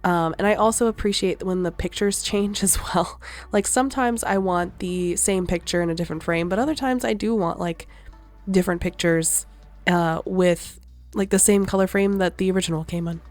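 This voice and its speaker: A woman's voice: fairly low pitch, normal speed, darkish tone, faint music behind. Chatty young woman, rambling and giggly. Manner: chatty, rambling, laughs often. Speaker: gaming vlogger. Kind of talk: casual voice-over commentary.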